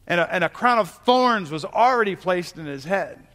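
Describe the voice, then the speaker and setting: A male pastor preaching a sermon in a church, earnest, pausing and restarting as he builds to emphatic calls. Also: high voice, expressive, sharp tone, long reverb tail. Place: church sanctuary.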